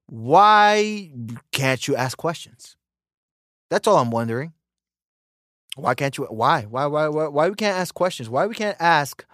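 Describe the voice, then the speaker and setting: An American man hosting a podcast in a casual ranting monologue, animated and emphatic, repeating words for emphasis. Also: on the high side, no echo, studio quality. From United States. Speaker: podcast host.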